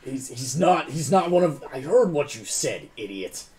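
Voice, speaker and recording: A man's voice: on the low side, expressive, a little mellow. A man voicing a volatile dwarf crime boss. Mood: exasperated. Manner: mock-friendly, bullying, quick to flare up.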